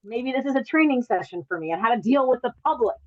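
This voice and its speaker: With a slightly high, expressive voice and a quick pace, a woman comedian rambles through a stand-up set over a video call for a virtual show. The recording is dry and lo-fi. She frequently restarts her sentences and laughs at her own jokes.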